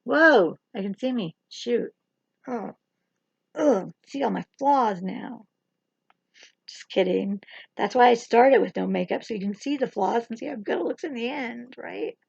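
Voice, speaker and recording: A woman hosts a casual livestream makeup tutorial, joking and teasing herself as she talks. Her voice is husky and gravelly, recorded dry and close with a slightly dull, lo-fi sound. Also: a little high, unhurried, warm tone, dry recording. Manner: rambling, joking, self-teasing. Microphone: camera or phone livestream.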